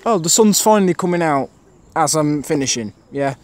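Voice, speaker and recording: A man's voice: on the high side, animated, moderate pace. Chatty man commentating on trains. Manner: chatty, rambling, thinks aloud with many fillers. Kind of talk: casual running commentary to camera. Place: outdoor railway station platform.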